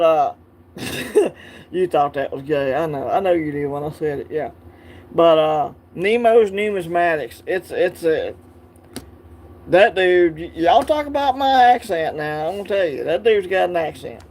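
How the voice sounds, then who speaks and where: A man's voice: fairly high pitch, animated, unhurried, darkish tone. A man from Alabama with a Southern accent, hosting a casual coin-collecting livestream, rambling, laughing and answering viewers' chat.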